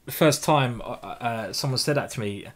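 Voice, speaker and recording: An English man with a voice of ordinary middle pitch talks through his moves as he plays, in the easy flow of live commentary. He jokes as he goes and lets the occasional swear slip out. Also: normal speed. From England. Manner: chatty, jokey, thinks aloud over moves, swears casually. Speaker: chess grandmaster streamer.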